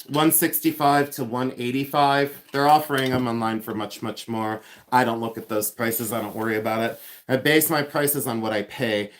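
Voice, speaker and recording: Chatty man from Ohio hosting a live stream. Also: mid-range voice. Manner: chatty and rambling, with many fillers and spelled-out words. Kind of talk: casual live-stream chat.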